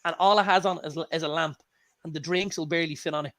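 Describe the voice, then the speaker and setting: An Irish man co-hosting a casual chat show, telling lively anecdotes and swearing freely. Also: a little high, fast. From Ireland. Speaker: co-host.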